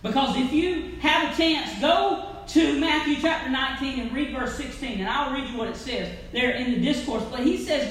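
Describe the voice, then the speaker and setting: A woman preaching a sermon in a church, swinging from loud calls to near-whispers. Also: high-pitched, lively intonation, moderate pace. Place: church sanctuary. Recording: echoey church with faint noise.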